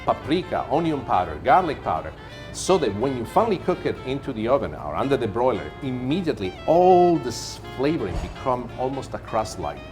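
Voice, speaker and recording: A man's voice: mid-range voice, sing-song, fairly quick, music in the background. Man presenting a cooking show. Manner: warm, theatrical and self-amused, drawing out words. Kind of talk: cooking demonstration to camera.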